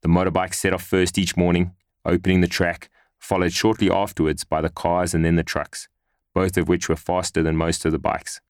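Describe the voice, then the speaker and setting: A man reading a first-person memoir in a measured, earnest storytelling manner. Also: deep voice, level tone, clean tone, no room sound, studio quality. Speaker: narrator.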